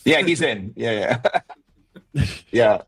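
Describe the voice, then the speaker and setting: A man's voice: mid-range voice, animated, takes it slowly, slightly rough, poor audio. A man from Afghanistan speaking emphatically and profanely in a heated casual debate, lecturing the panel.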